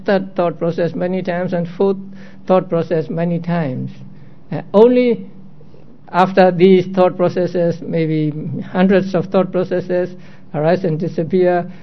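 Slow, methodical man teaching, dull recording. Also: high voice. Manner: methodical, poses rhetorical questions. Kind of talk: slow explanatory lecture.

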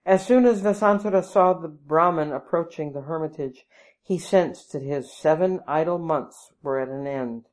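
A woman narrating a storybook in a measured, even way. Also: sits low. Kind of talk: storybook reading.

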